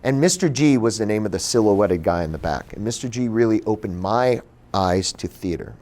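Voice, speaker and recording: A man giving a personal storytelling talk at a bookstore event, animated and acting out the voices he quotes. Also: lowish voice, moderate pace. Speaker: author and speaker.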